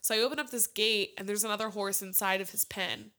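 A woman's voice: mid-range voice, fast talker. A young woman chatting casually among friends, telling long stories with lots of swearing. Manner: animated storyteller, swears freely. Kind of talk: casual chat.

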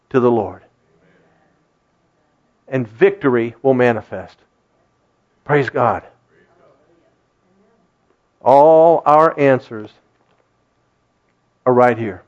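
A man's voice: mid-range voice, a little mellow, muffled recording. A man preaching a sermon, acting out quoted voices and laughing often. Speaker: pastor.

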